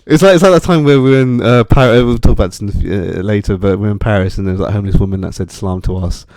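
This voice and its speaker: A young man co-hosting a podcast tells travel stories in casual chat, speaking rapid-fire in a lowish voice with no room sound. He animates his storytelling by acting out the voices of the people he quotes.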